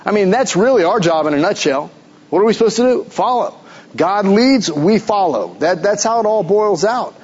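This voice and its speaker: A man's voice: sits high, darkish tone, lo-fi sound. A man preaching a sermon as pastor, pressing his listeners with rhetorical questions and emphatic repeats.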